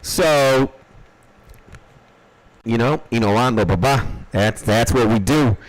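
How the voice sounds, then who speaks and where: Slow, profane young streamer guy. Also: medium pitch, low-quality recording. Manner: profane, rambling and jokey. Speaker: livestreaming beatmaker reviewing listener music. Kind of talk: casual livestream chat. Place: dark bedroom. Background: faint music.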